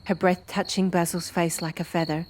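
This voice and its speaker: A woman narrating a fantasy audiobook with an expressive storytelling delivery. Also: fairly low pitch, normal speed, a little hiss or hum. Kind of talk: scripted narration.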